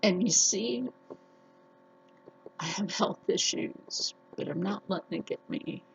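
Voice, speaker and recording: Woman vlogger rambling slow and defiant, gravelly voice, dull lo-fi sound with a bit of hum. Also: mid-range voice. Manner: chatty and defiant, with frequent laughs. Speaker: sewing vlogger. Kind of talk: casual chat to camera.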